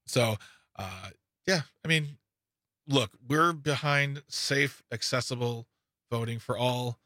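A male talk radio host with a bright, forward voice, heard in a dry, close studio with no room sound at all. He chats loosely, jumps into sarcastic asides and trips over his words as he restarts sentences. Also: medium pitch, slow pace, no echo. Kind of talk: casual political radio chat. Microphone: studio microphone.

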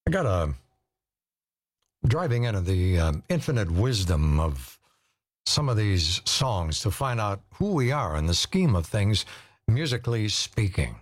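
A man hosting a radio show, talking in a musing, unhurried way between songs. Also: lowish voice, sing-song. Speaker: radio host. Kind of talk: radio disc jockey patter.

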